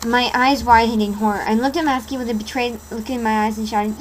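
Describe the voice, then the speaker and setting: A woman's voice: on the high side, fairly even intonation, fairly quick, hardly any pauses, slight background noise, low-quality recording. A woman reading a horror story aloud in a dramatic storytelling style, stumbling over a word now and then. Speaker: reader.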